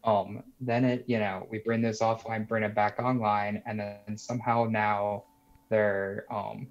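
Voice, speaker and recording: Through muffled, lo-fi video call audio, a young caller shares a rambling, casual story full of "like" and "you know." He speaks a little slowly, his fairly low pitch barely moving.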